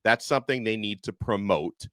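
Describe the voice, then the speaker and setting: A man with a voice on the low side and a sharp tone hosts a sports podcast at a moderate pace. He loosely chats through listener questions and casual commentary, with many fillers and restarts. The recording is dry.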